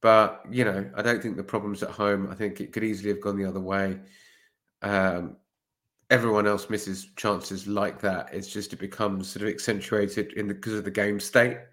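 Man, lowish voice, calm, reassuring, casual podcast chat about football. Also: normal speed.

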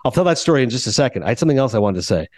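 A man's voice: medium pitch, big pitch swings, racing, darkish tone, no echo. A man hosting a podcast, casually retelling film anecdotes with quoted voices and laughter. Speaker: podcast host. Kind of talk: casual storytelling chat.

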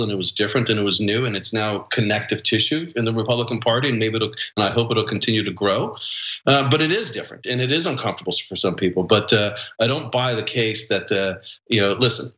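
A man from Los Angeles makes his case in a political debate, steady and measured, leaning on fillers and restarts. His voice is bright and forceful. The recording has a roomy echo. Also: fairly low pitch. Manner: measured, leans on "you know" and restarts. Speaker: political strategist guest. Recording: echoey room.

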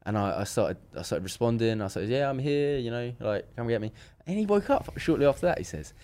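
Here the guest sounds medium-pitched and brisk. Chatting casually on the podcast, he narrates a story with lots of energy, voicing the quoted lines himself and frequently starting over mid-sentence.

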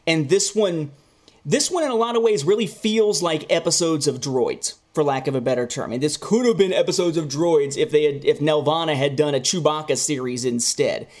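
A man co-hosting a casual comic review chat, animated and quick to mock what he reads. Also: fairly high pitch. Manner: animated, slips into goofy mocking voices. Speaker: podcast co-host reviewing comics.

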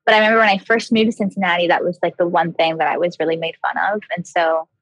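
A woman's voice: lowish voice, steady tone, fast talker, no echo. A young woman from the American South, a guest chatting casually and laughing often. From Southern US (Kentucky, Ohio). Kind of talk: casual chat.

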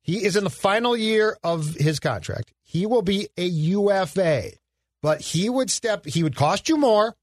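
A man's voice: sits high, lively intonation, a little slow, no echo, studio quality. A man co-hosting a casual sports podcast, laying out a trade and quizzing his partner with playful teasing. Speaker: podcast co-host.

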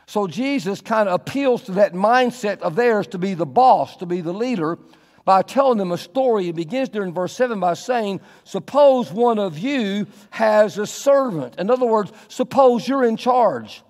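A man's voice: high voice, darkish tone. A male pastor preaching a conversational, earnest sermon in a church, asking his congregation questions. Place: church sanctuary. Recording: long church reverb.

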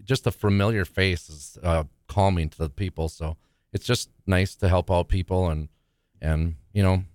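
Man, firefighter guest, deep voice, brief modest answers, dry sound. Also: fairly even intonation, normal speed, darkish tone, dry recording. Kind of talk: casual studio interview. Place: studio.

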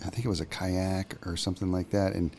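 A man's voice: deep voice, flat delivery, fast talker, darkish tone, a little hiss or hum. A laid-back young man in casual chat, recalling a river trip with a friend and laughing easily. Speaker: fishing buddy.

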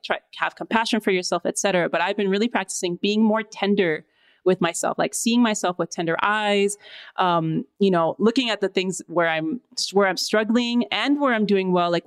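A woman with a mid-range voice, speaking thoughtfully in a relaxed podcast conversation. She reflects aloud and often fills her pauses with soft hedging words. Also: mid-range voice, no room sound. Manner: reflective, thoughtful, uses many fillers. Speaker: podcast co-host. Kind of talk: casual chat.

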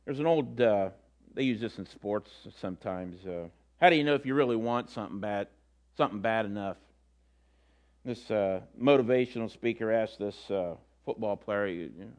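A man's voice: fairly low pitch, a little fast. A middle-aged man giving a sermon as a pastor, telling stories and acting out the quotes in different voices. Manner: storytelling, acts out quotes with voices.

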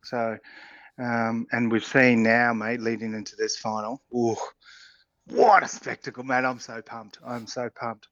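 A middle-aged Australian man, a former rugby player co-hosting a sports radio show, talking in an excited, rambling way and laughing often. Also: mid-range voice, unhurried, dry recording, muffled recording. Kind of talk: casual sports radio chat.

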